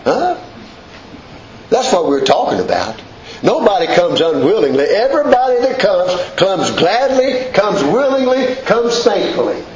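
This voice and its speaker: A man's voice: high-pitched, very animated, a little slow, echoey room, highs cut off, crowd noise. A man preaching a sermon in a church, repeating phrases with rising emphasis.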